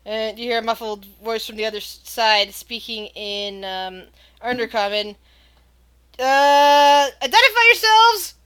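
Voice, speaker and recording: Bright-voiced woman running a tabletop game. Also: mid-range voice, little pitch movement, normal speed, clear, resonant tone. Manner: laughs often, hesitant fillers. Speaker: dungeon master.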